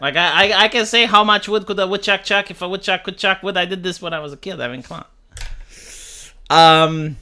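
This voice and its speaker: Bright-voiced profane livestream host. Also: male voice, high voice, brisk, smooth. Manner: blunt, profane, reads news aloud and riffs. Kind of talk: casual livestream commentary.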